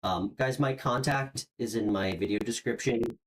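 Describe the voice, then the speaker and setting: A tarot reader with a mid-range voice and moderate pace hosts a live stream, offering a casual, encouraging reading full of "um," "like," and repeated words while groping for what to say next. It's a low-quality recording.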